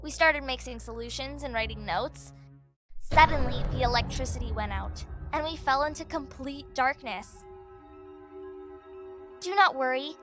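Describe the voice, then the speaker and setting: A woman narrating a scripted story in an expressive, dramatic way. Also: high voice, moderate pace, faint music behind.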